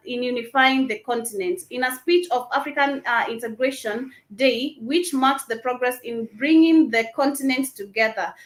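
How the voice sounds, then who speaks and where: A woman's voice: high-pitched, fairly bright tone, reverberant, rough recording. A woman hosting a casual talk show, rambling along with many uh and you know fillers. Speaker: podcast host. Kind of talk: casual commentary.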